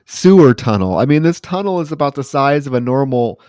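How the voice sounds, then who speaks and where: A man's voice: medium pitch, animated, a little fast, darkish tone, clear, resonant tone, dry recording, clean studio sound. A man co-hosting a podcast, recapping a film plot with wry mock outrage in casual chat. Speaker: podcast co-host.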